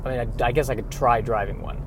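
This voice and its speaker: A man's voice: mid-range voice, steady tone, fast, noisy background. A man, an actor, chatting casually in a self-deprecating, rambling way while driving his car. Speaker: character actor.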